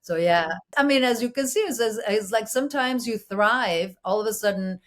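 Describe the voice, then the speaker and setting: A woman from Mexico, a Spanish native speaker, telling stories as an interview guest in a lively, restarting way. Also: a little high, normal speed. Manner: animated, full of restarts, playfully mimics voices. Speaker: actress and producer, guest. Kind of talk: conversational interview storytelling.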